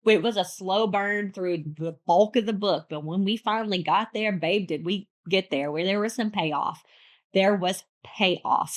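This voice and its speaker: A woman hosting a podcast, reviewing a book in a bubbly, playful, chatty way with lots of asides. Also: mid-range voice. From United States. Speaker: podcast host. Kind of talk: casual book review chat.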